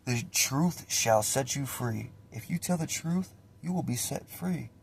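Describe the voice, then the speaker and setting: A man voicing a male police interrogator who is smooth and preachy while he coaxes a confession. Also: medium pitch, animated, measured pace, slight background noise. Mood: coaxing.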